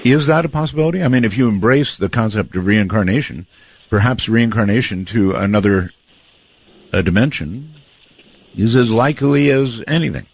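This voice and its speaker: A man hosting a late-night call-in radio show, drawling and wry and quick to laugh. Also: medium pitch, animated, dry recording. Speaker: radio talk show host. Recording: slightly dull radio audio with faint music.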